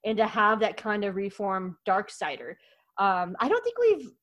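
A woman's voice: medium pitch, wildly swooping pitch, normal speed, fairly bright tone, low-quality recording. A woman hosting a podcast in casual chat, gushing enthusiastically and rambling with frequent restarts and fillers. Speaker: podcast host.

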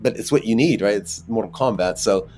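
A man being interviewed as an actor, telling rambling, animated anecdotes with many fillers. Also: fairly low pitch, fairly quick, soft background music. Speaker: actor guest. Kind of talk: casual interview storytelling.

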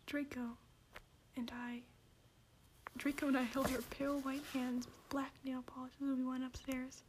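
A woman with a high voice reads a story aloud in a soft, hushed whisper. A faint hiss runs in the background. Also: flat delivery, moderate pace.

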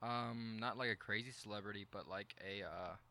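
A man's voice: fairly low pitch, normal speed, bright, forceful tone. A man co-hosting a casual podcast, talking in a rambling way with restarts and frequent laughter. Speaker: podcast co-host. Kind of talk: casual chat.

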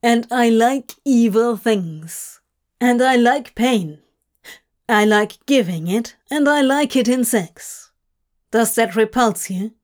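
A snarky, brooding male demon who sneers his words with sardonic bite, as a woman puts him on. His voice is a touch high and delivered slowly, like a storybook read aloud. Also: animated.

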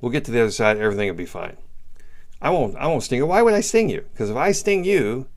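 A man's voice: medium pitch, very animated, quick pace, voice pushed up. A coaxing fable scorpion, as a man tells it. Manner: coaxing, reassuring. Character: sly, smooth-talking scorpion from a fable.

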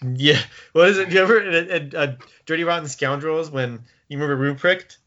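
Bright-voiced man casually hosting a podcast. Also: on the high side, a little fast. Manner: relaxed, laughing, rambling storyteller. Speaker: podcast host. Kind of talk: casual chat. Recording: dull lo-fi sound.

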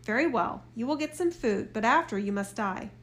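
A woman voicing a gruff, threatening robber leader in a fairy tale reading. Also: a little high, lively intonation, moderate pace, natural voice. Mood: menacing.

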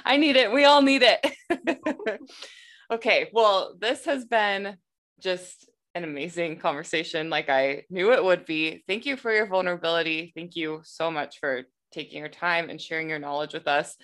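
A woman's voice: on the low side, moderate pace, a bit bright. A woman hosting a podcast, thanking her guest and leading into a closing segment in an encouraging way. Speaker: podcast host. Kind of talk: casual podcast conversation.

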